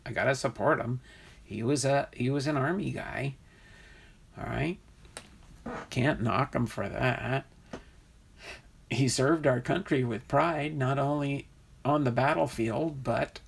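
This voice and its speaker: A livestream host with a medium-pitched male voice, vocal fry, and a breathy edge chats casually with viewers. He reads their comments aloud, laughing and testing out pronunciations.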